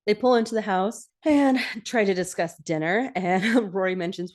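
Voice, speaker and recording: Speaking at a normal pace in a mid-range voice, a young woman casually recaps a TV episode for her podcast. Giggles come often, and her voice climbs as she animatedly performs lines from the show.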